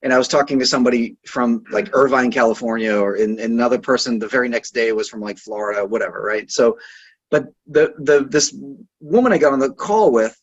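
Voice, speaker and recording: A man's voice: medium pitch, fairly quick, husky, dull audio. A man from Boston, a consultant and podcast guest, chatting in a rambling way that keeps restarting and tagging "right?". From Boston, USA. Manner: rambling, self-interrupting, with frequent "right?" tags. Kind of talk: casual interview chat.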